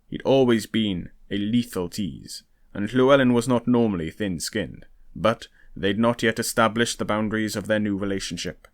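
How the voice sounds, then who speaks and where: A man with a fairly low voice reads a historical novel aloud, narrating in a steady, even storytelling manner. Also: moderate pace. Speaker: audiobook reader.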